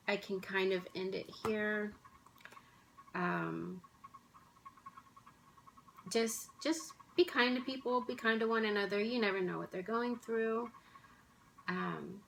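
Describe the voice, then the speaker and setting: A woman vlogger, tearful and emotional, speaking softly and haltingly in casual chat at home. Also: mid-range voice, gravelly, a little hiss or hum, poor audio. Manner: soft-spoken, halting, with restarts and sighs.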